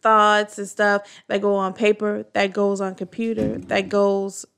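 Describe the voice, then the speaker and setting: Woman, gravelly fry, casual storyteller who acts out the quotes. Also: measured pace. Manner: animated storytelling, acting out quotes with pitch jumps. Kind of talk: casual chat.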